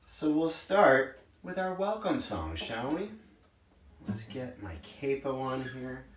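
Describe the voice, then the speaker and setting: A man's voice: medium pitch, very animated, slow, distant mic. Upbeat man in his forties teaching preschoolers. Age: 40s. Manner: upbeat, simple words for small children. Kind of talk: virtual circle time for young children. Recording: roomy echo, from the mic, with guitar.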